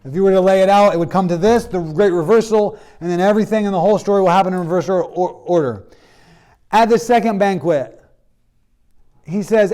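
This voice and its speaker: A man with a high yet mellow voice teaches a classroom lesson on biblical history. He talks casually and tells the story loosely, slipping into the characters' lines as he goes. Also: a little fast. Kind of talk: classroom lecture.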